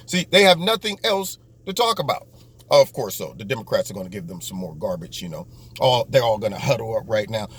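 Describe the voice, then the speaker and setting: A man's voice: on the low side, sing-song, a little fast, fairly bright tone, slightly rough. A man hosting his own political talk show, delivering a sarcastic commentary monologue and slipping into mocking voices. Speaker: host.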